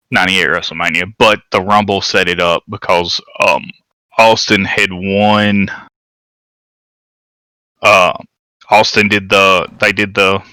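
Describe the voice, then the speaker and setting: A man's voice: low-pitched, pushed and bright, clear, resonant tone, no room sound, low-quality recording. A man co-hosting a podcast, casually correcting details and filling in background, with many restarts. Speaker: podcast co-host. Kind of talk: casual chat about wrestling history.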